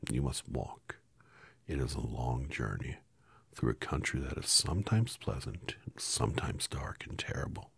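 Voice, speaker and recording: A man with a low, husky, gravelly voice reading aloud and voicing a gentle little old woman who is a kind witch, speaking softly and solemnly, at times in a whisper. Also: very animated, normal speed, no room sound, exaggerated voice. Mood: kindly.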